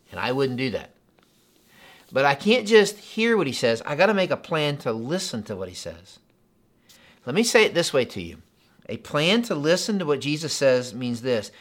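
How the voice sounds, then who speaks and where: A man, a pastor preaching a sermon in a conversational, animated way with frequent asides and repetitions. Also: on the high side.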